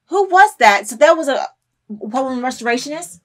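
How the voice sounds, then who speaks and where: Animated high-voiced woman reacting loudly. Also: normal speed. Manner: loud emotional outbursts, cursing. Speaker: anime reaction host. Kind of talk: reaction commentary.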